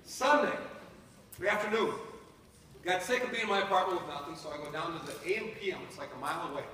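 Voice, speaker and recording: High-voiced man telling a story in an echoey hall. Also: quick pace, recorded from a distance, a little hiss or hum. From North Dakota. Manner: animated, addresses the audience directly. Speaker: speaker telling a personal story to an audience. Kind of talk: live storytelling.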